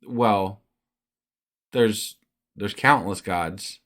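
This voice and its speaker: A man co-hosting a casual podcast, answering quiz questions with relaxed, short agreeing replies. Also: on the low side, extremely slow. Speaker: podcast co-host. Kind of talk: casual chat.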